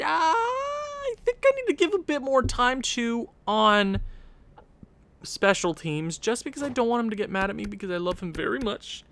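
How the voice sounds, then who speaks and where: A gaming channel host with a fairly high, slightly bright voice rambles chattily while playing a video game. He keeps interrupting and correcting himself as he goes.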